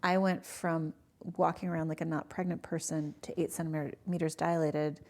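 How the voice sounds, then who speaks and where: A woman in her forties telling her own story in a casual podcast interview, animated and acting out the people she quotes. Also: deep voice, normal speed. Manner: animated, acts out voices in her stories. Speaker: guest.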